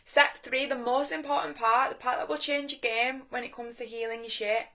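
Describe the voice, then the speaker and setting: A woman's voice: fairly high pitch, steady tone, normal speed, pushed and bright. A young woman giving a casual live-stream talk on inner healing from her phone, chatty and straight-talking, swearing freely.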